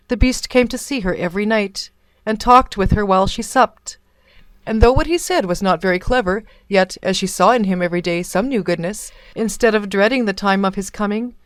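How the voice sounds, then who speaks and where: A woman narrating a fairy tale in a measured, even storybook reading. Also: medium pitch, dry recording.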